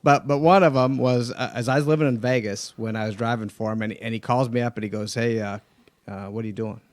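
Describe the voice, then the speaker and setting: A man's voice: medium pitch, fast, no echo. A man, a race car driver, telling stories in a casual studio chat and acting out the people he quotes. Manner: animated, acts out quoted voices. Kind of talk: casual storytelling.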